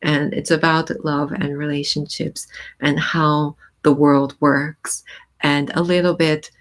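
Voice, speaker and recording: A woman hosting a casual live stream, reading song lyrics and explaining their meaning with many pauses and "um"s. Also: low voice, flat delivery. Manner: thoughtful, pauses with many "um"s, reads lyrics aloud then explains.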